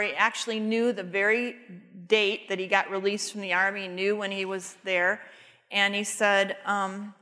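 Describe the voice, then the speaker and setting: A woman gives a heartfelt devotional lesson and tells a story with quoted dialogue. Her voice is bright and forward. It rings out with a long reverb, as if in a large hall. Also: mid-range voice, steady tone, normal speed. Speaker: Bible teacher.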